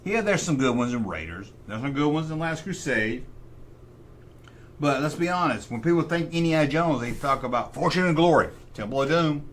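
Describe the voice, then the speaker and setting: Animated middle-aged man hosting a livestream. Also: on the high side, normal speed. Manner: animated, opinionated, talks to himself while deciding. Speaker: host. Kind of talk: casual livestream chat.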